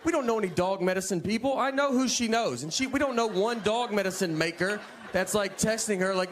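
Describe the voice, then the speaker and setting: A comedian telling stand-up stories in a slow, deadpan drawl. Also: male voice, sits high. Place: live venue with audience. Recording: live audience noise.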